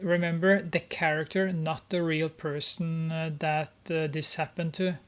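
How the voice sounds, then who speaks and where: This is a casual film recap delivered at an unhurried, drawn-out pace. The speaker keeps stopping on little filler sounds and sounds openly amused by the story, teasing its characters along the way. The pitch sits in an ordinary middle range. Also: level tone. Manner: halting, with many filler pauses and frequent laughter; amused and mocking. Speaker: movie recap commentator.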